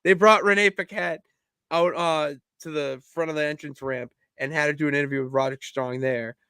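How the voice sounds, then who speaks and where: A man co-hosting a wrestling podcast, chatting casually and telling stories in an animated way. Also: fairly high pitch, a little fast, clean tone, no echo, clean studio sound. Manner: animated storytelling, bursts into loud laughs. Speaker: podcast co-host. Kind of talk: casual chat.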